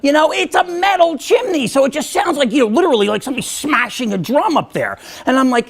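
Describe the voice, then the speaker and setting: A man giving a motivational talk, telling a humorous story with animated, self-mocking delivery and acted-out voices. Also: very high voice, fast, creaky, hardly any pauses. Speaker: motivational speaker. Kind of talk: storytelling keynote speech.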